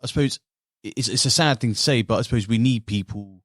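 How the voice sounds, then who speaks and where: A man's voice: medium pitch, fairly quick, no room sound, clean studio sound. A man hosting an interview, asking sympathetic, leading questions. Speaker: podcast host. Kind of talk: interview conversation.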